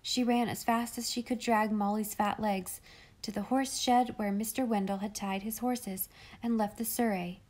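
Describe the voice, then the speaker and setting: A woman narrating a classic children's novel in a calm, measured, expressive reading voice. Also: mid-range voice. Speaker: audiobook reader. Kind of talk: storybook narration.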